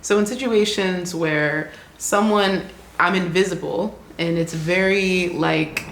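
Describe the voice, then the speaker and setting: A woman telling a casual travel diary story, animated and often laughing, restarting her sentences. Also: lowish voice, unhurried, a little hiss or hum. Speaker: travel vlogger. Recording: roomy echo with faint ambience.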